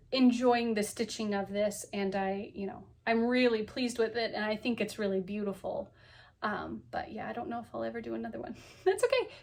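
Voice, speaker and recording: A woman in her thirties chatting casually to camera about her cross stitch, cheerful and full of ums and laughs. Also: a little high. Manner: chatty, lots of ums and so yeahs.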